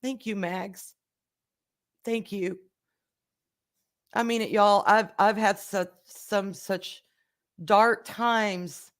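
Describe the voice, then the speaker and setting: A woman hosting a casual live stream, candid and rambling, swearing freely and swinging between soft and loud as she answers viewers. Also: mid-range voice, fairly even intonation, extremely slow, long pauses. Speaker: livestream host.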